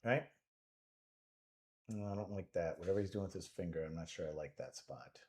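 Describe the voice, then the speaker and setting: A man's voice: sits low, normal speed, darkish tone. A man giving casual live commentary on a pool match, rambling and joking as he thinks aloud about the shots.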